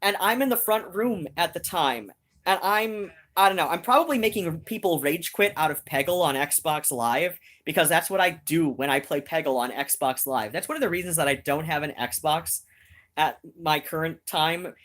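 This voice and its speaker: Low-voiced woman rambling on a stream. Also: moderate pace, fairly bright tone. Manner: rambling, heavy on "like" and restarts; talks straight to viewers in chat. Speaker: live-stream host. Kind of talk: casual live-stream chat.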